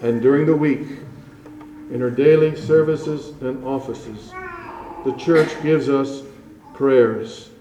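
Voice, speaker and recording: A man preaching a sermon to his congregation in slow, measured phrases, rising strongly on key words and dropping to a hush. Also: medium pitch, echoey room, slight background noise, low-quality recording. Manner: slow, measured preaching with dramatic rises and hushed drops. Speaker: pastor.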